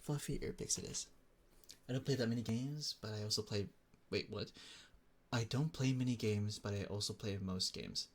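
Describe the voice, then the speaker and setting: A man's voice: lowish voice, moderate pace, a little hiss or hum. Chatty male streamer greeting viewers. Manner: chatty, greets viewers by name, many filler "like"s. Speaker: streamer and ASMR VTuber. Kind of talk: casual live-stream chat.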